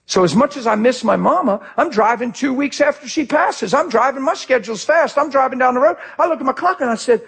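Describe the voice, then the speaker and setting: Male pastor, sermon, gravelly, high voice, passionate. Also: lively intonation, fairly quick, hardly any pauses. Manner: passionate, swings from shouting to quiet.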